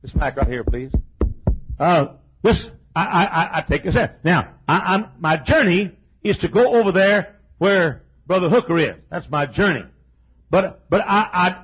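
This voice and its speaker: An older man preaching a sermon, emphatic, with stammered restarts and shouted peaks. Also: high-pitched, expressive, normal speed, husky, lo-fi sound.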